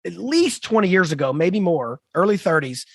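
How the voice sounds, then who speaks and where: A man in his fifties, a podcast co-host, telling a story in an animated, emphatic way with lively asides. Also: sits high, moderate pace, creaky, no room sound. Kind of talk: conversational storytelling.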